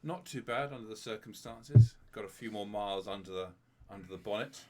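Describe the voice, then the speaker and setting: A man's voice: on the low side, fairly quick, a loud crowd. Dry-humored middle-aged Englishman. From England. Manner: dry self-deprecating humor. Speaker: guest. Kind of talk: casual live-stream chat.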